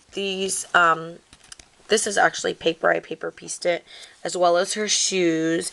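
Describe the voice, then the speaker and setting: A woman's voice: lowish voice, vocal fry, fairly bright tone. A woman casually walking through her scrapbook craft project, rambling with lots of "like" and "um". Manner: rambling, many fillers like "like" and "um"; apologetic about filming mishaps. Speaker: craft video maker.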